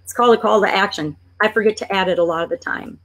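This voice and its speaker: A woman of ordinary pitch and fairly bright tone talks fast through a screen-share tutorial, chatty and thinking aloud as she clicks along. She sounds like a business coach showing a step-by-step process, playfully exasperated with her sluggish computer.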